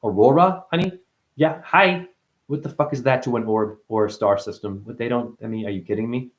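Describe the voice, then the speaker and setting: A man hosts a livestream and delivers a meandering spiritual sermon, swearing freely. His voice sits at an ordinary male pitch but keeps jumping into sudden high, loud exclamations. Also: brisk. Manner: profane, rambling, preachy. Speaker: livestream host. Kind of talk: rambling spiritual livestream monologue.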